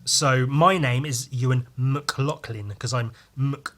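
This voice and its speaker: Male podcast host: loose, profane, jokey comic-review patter with a bright voice. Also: medium pitch, slow. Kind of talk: casual comic review commentary.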